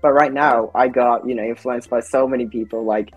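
A man's voice: mid-range voice, steady tone, a little fast, dry recording, muffled recording, soft background music. A young man from Japan, a native Japanese speaker with a mixed American and British accent, chatting hesitantly on a video call with many fillers. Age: young adult. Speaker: YouTuber doing a prank lesson. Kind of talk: casual chat on a video call.

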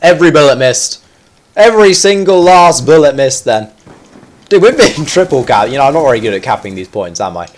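A man's voice: mid-range voice, big pitch swings, fairly quick. A man giving live commentary over his own gameplay. He chats in a self-mocking way, then yelps and squeals at sudden moments. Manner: chatty and self-mocking between fights.

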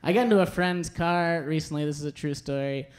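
A young man performing a stand-up comedy set on a club stage, telling stories in a deadpan way with punchy asides. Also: on the high side, fairly quick, smooth. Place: comedy club stage before a live audience. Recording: live show with audience laughter.

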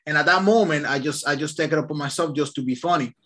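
A man leading a casual online real estate training, telling lively stories in an upbeat way over a video call. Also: on the high side, quick pace.

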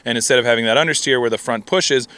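A male rally driving instructor explains technique in a relaxed, conversational way. He speaks quickly in a smooth, clear voice. The sound is dry and close, with no room echo. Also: medium pitch.

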